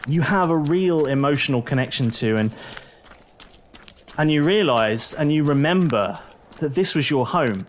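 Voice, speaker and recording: A man with a fairly high voice narrates as game master of a tabletop game. He speaks slowly and with lively, rising and falling pitch, and soft music plays under him. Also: slight background noise. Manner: descriptive, repeats words for effect. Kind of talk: slow dramatic game narration.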